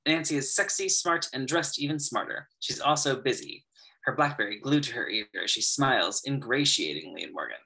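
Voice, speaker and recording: A man narrating the stage directions of an amateur audio drama in a steady, matter-of-fact way. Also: mid-range voice, moderate pace, husky, rough recording.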